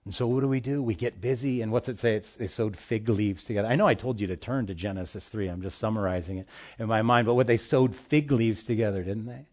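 A male pastor preaching a sermon, addressing the congregation directly with emphatic swings between loud and soft. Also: fairly low pitch, quick pace.

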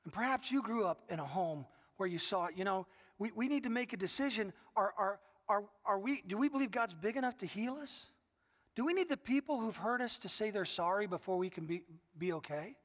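A man's voice: sits high, expressive, a little fast, a bit bright. A middle-aged man preaching a sermon as pastor, telling stories earnestly and often restarting his sentences. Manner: earnest storytelling with repeated restarts. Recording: long reverb of a large hall.

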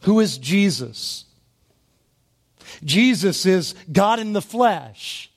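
Slow, intense male preacher. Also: high voice, very animated. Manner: swings from soft, hushed lines to loud, rising emphasis; slow, deliberate delivery with drawn-out key words. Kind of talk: sermon.

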